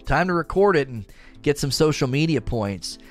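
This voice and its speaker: A man's voice: fairly high pitch, normal speed, soft background music. A young man casually telling a story about an angry customer, acting out the voices and laughing often. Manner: animated, acts out quoted voices, laughs often. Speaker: storyteller recounting a customer encounter.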